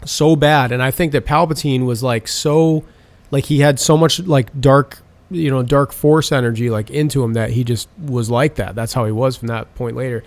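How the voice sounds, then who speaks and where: A man's voice: medium pitch, fairly even intonation, moderate pace, dry recording. A man in casual chat, animatedly retelling film scenes with lots of swearing and filler. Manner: profane, rambling storytelling.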